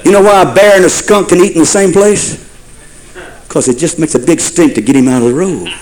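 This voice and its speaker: A man's voice: on the high side, a little fast, a little mellow, slight background noise, low-quality recording. A man preaching a sermon in a folksy storytelling way, building to fervent repeated phrases.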